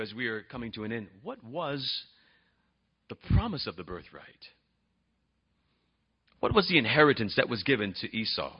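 Animated husky male preacher. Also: medium pitch, lo-fi sound. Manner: animated, conversational, asks the congregation questions. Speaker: pastor. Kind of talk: sermon.

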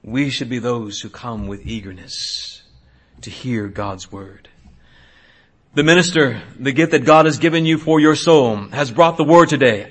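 A man in his thirties, a pastor preaching a sermon, swinging between hushed asides and loud exhortation. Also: medium pitch, unhurried.

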